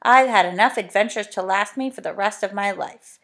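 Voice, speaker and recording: A woman's voice: medium pitch, moderate pace, a bit bright, close to an everyday voice. A woman reading a storybook, voicing a sensible young boy in an earnest way. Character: eager young boy, sensible older brother.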